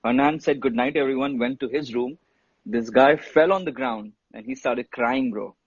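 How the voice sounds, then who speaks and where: A man who tells a story in a casual, animated way and swears freely. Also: mid-range voice, moderate pace, slightly rough, no room sound. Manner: animated, swears freely, says bro and dude. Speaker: guest telling a story. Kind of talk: casual storytelling on a live stream. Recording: dull, muffled sound.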